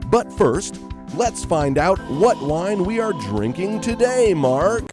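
A man co-hosting a comedic wine radio show, teasing and deadpan. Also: sits high, slow pace, music in the background. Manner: jokey, teasing, deadpan asides.

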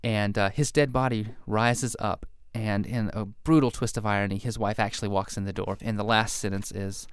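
A young novelist, a man, speaks low and smooth into a close, dry mic. He talks about his writing in a relaxed, self-deprecating way and laughs at his own early work. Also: moderate pace, few pauses, dry recording. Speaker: novelist guest. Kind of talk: interview, reading his own story aloud.

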